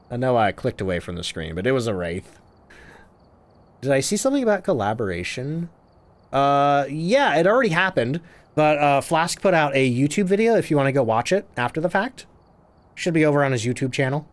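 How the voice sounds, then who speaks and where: A man streaming a game live, chatty and excitable as he thanks viewers and explains his play. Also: medium pitch. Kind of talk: live gameplay commentary.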